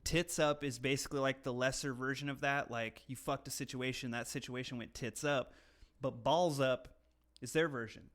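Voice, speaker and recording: A man's voice: mid-range voice, steady tone, moderate pace, fairly bright tone. Young American man, podcast co-host. Crude, joking, casual delivery. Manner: crude, joking, reads slang lists aloud. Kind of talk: casual chat.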